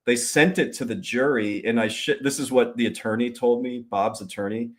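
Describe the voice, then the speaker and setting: A man hosting his own show, telling a long story in a casual, profane, animated way and acting out the people he quotes. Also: medium pitch, normal speed. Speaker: podcast host.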